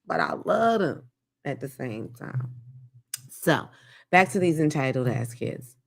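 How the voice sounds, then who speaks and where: A woman's voice: very deep voice, big pitch swings, takes it slowly, vocal fry. A woman hosting a podcast, telling a blunt, profane rant in a comedic monologue. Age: adult with grown children. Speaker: podcast host.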